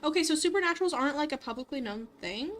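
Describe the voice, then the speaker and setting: Bubbly young woman streamer, high and animated, reads a story game and chats between lines. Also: very fast. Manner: bubbly, rambling, giggly. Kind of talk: reading a visual novel aloud with commentary.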